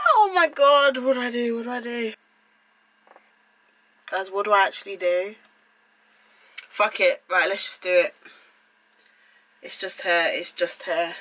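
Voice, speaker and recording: A woman's voice: mid-range voice, fairly bright tone, no echo, low-quality recording. A young woman vlogging at home, flustered and exclaiming in disbelief as she swears her way through cutting her hair. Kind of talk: casual vlog.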